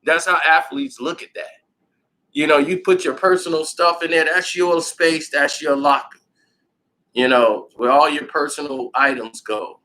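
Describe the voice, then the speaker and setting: A man giving casual sports commentary, telling the story in an animated way and laughing often. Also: a little high, moderate pace, rough recording.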